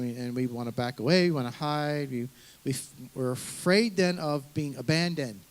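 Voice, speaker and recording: A middle-aged man preaches to his congregation in an earnest, conversational way. His voice sits in an ordinary middle pitch, and he often circles back and restarts a phrase as he works through his point. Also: normal speed. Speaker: pastor. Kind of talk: sermon.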